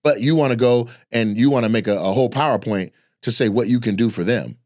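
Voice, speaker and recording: A man's voice: medium pitch, fast talker, darkish tone, no echo, studio quality. A man, a comedian, delivering a heated, profane, repetitive rant as comedic commentary.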